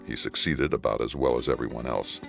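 A man giving steady, scripted audiobook narration. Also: a bass voice, a little fast, vocal fry, over music.

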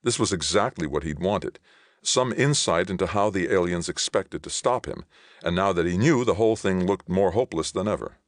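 A man giving a steady, measured audiobook reading of a science fiction novel. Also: low-pitched, dry recording, studio quality. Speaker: audiobook reader. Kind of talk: scripted narration.

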